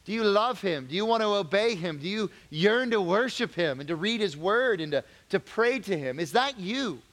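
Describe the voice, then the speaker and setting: A man preaching to teens in a church hall, his fairly high voice carrying a long reverb. He talks casually, then builds to pressing, emphatic questions. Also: moderate pace, few pauses. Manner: animated, conversational, rising to emphatic questions. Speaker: youth pastor. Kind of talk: youth group Bible lesson.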